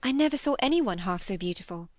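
A woman's voice: medium pitch, expressive, fast, no echo, natural voice. An eager, candid young girl from a period novel, as a woman narrator voices her. She speaks openly and earnestly, recorded dry and close. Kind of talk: audiobook character reading.

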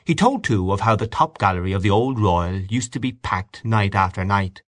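Low-voiced, expressive male audiobook narrator. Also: moderate pace, dry recording. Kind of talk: audiobook reading.

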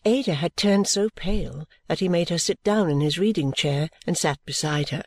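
A man narrating a classic novel as an audiobook, steady and unhurried. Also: sits high, no room sound.

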